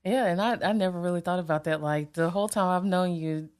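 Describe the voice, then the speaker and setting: A woman hosting a relaxed interview speaks in a lowish voice. She asks her questions loosely. She backs up her guest with short agreeing sounds. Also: fast, clean tone. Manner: easygoing, affirming with short backchannels. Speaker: podcast host. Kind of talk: casual interview chat.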